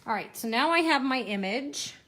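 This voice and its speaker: A woman's voice: sits high, animated, normal speed, fairly bright tone. Chatty woman demoing card stamping. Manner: chatty, self-deprecating, talks while working. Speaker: card-making instructor. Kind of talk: casual live crafting demo.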